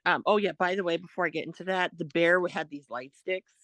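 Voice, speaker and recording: A woman co-hosting a podcast, telling a story in a casual, animated way, quoting what others said. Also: lowish voice, fairly quick, no echo. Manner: animated retelling, quotes others, laughs often. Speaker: podcast co-host.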